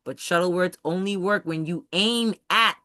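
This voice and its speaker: Bright, dry-sounding host checking in with the group. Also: medium pitch, normal speed, no room sound. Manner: emphatic, keeps checking that the group understands. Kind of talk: live video-call teaching session. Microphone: computer mic on a video call.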